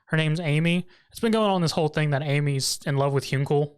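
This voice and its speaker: A man's voice: a little high, clean tone. Laughing man recapping an anime episode. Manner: laughs often, mimics characters in quick asides. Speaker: podcast co-host. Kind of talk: casual anime recap chat.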